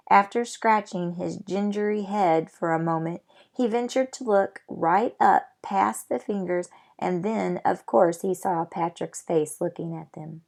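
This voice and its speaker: A woman's voice: mid-range voice, gravelly, a little mellow. A woman reading a children's chapter book aloud, with friendly asides to young listeners. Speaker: storyteller.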